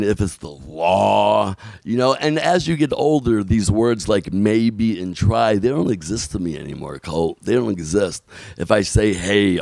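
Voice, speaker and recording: A man with a low, gravelly voice recounts a story in an interview, blunt and animated, acting out other people's lines as he goes. The sound is close and dry, with no room around it. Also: dry recording. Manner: blunt, swears casually. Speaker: podcast guest.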